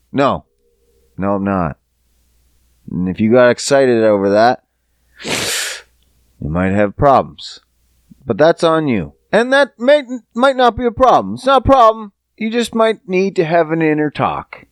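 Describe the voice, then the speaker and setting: Slow, lively-voiced man hosting a podcast. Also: fairly high pitch, dry recording. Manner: profane, rambling and joking. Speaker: podcast host. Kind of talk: casual podcast monologue.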